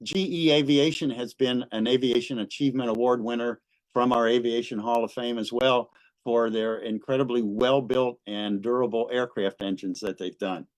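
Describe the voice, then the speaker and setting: Relaxed man presenting a slide talk, dry sound. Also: medium pitch, normal speed, no echo, low-quality recording. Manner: relaxed, many "uh" fillers. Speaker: guest speaker at a museum history talk.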